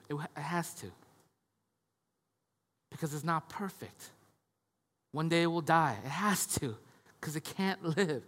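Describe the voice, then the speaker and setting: A man in his thirties, a pastor preaching a conversational sermon, often asking "right?" and moving between hushed and loud passages. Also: fairly high pitch, big-room sound. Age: 30s. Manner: conversational, tag questions, swings from hushed to loud.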